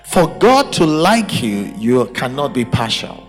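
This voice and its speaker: A man's voice: mid-range voice, very animated, measured pace, soft background music. A man preaching a sermon at a church service, emphatic and full of rhetorical questions. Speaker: pastor.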